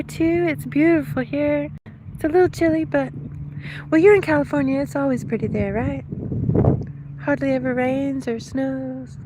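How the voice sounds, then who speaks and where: A high-pitched middle-aged woman talks live to her chat as she walks outside, slightly winded and quick to laugh. She reads out viewers' names and thanks them in a friendly, rambling way. Faint outdoor noise sits under her phone-mic voice. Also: darkish tone. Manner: chatty, laughs often, thanks viewers by name. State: a little out of breath from walking. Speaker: livestreamer reading chat. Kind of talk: casual live stream chat. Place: outdoors, walking.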